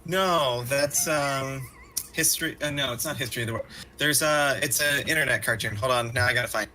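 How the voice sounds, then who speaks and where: A man chatting casually, excitable and trailing off as he hunts for words. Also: medium pitch, a little fast, slight background noise. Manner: excitable, hesitant, trails off mid-sentence. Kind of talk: casual chat.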